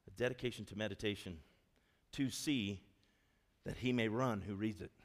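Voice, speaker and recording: A man preaching a sermon as a pastor, telling stories in an animated way and acting out the quotes in them. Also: fairly low pitch, moderate pace. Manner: animated storytelling, acts out quotes. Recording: long hall reverb.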